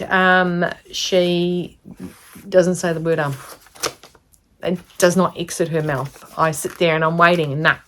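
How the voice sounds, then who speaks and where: A woman's voice: lowish voice, fairly bright tone. A woman craft vlogger chatting casually to camera, rambling with lots of ums. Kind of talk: casual sit-down chat to camera.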